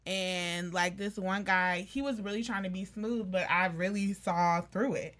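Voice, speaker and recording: A woman's voice: mid-range voice, fairly even intonation, unhurried, background noise. A young woman on a casual podcast, candidly telling a dating story and reading text messages aloud. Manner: candid storytelling, reads texts aloud, laughs loudly. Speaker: podcast co-host.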